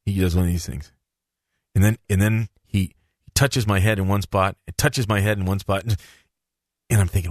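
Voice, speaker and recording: A man hosting a podcast, telling a story in casual chat, animated and laughing, with lots of restarts. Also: on the low side, a little fast, no echo, studio quality.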